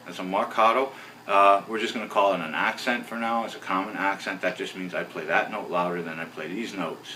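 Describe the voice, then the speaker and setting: A man teaching a bass lesson in a relaxed, rambling way, counting beats aloud as he explains. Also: a little hiss or hum. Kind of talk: casual video lesson. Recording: roomy, voice from a distance off the mic.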